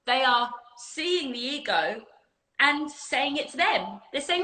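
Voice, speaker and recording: A woman's voice: high-pitched, lively intonation, takes it slowly, sharp tone, low-quality recording. A woman spiritual coach giving an emphatic, earnest talk on a livestream and swearing casually at times. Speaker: spiritual coach and community leader.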